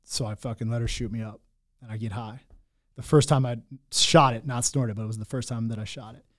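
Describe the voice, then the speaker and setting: A man's voice: mid-range voice, steady tone, brisk. A young man telling his own hard story in candid talk, blunt and full of swearing and restarts. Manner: raw, blunt, swears often, many restarts.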